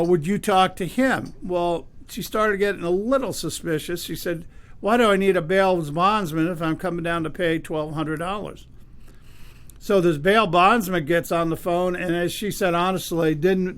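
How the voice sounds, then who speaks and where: A man's voice: high-pitched, clear, resonant tone. A man hosting a talk radio show, retelling a story with many restarts and fillers. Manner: retells a phone call with quoted voices, many restarts and fillers. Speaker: radio host.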